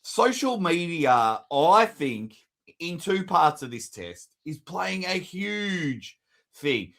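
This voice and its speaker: A man's voice: a little high, very animated, slow pace, creaky, fairly bright tone. A man co-hosting a casual sports podcast, teasing and mocking. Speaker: podcast co-host.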